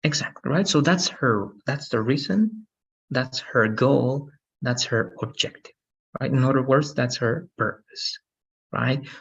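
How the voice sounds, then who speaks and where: A man's voice: medium pitch, a little slow, fairly bright tone, breathy edge, highs cut off. A man teaching an English lesson on a video call, patient and often checking in with "right?".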